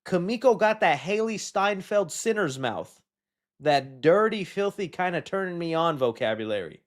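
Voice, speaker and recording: A man hosting a live stream reads out chat questions and riffs on them. His voice sits a little high, and he rambles loosely, cracking jokes and slipping into silly voices. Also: moderate pace. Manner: rambling, animated, jokey, puts on silly voices.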